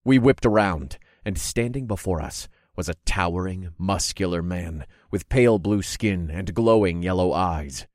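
A man narrating a story in the first person with a measured, dramatic delivery. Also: low voice, no echo, clean studio sound.

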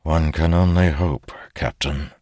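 A man's voice: low voice, measured pace, no echo. A man reading an audiobook, voicing a careworn male lord who speaks diplomatically and somberly. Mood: earnest.

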